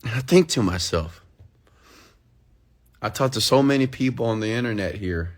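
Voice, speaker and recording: Expressive and lowish, a male voice at a moderate pace drives a motivational monologue. The speaker is emphatic and preachy, swears freely and bluntly, and keeps hitting his audience with rhetorical questions.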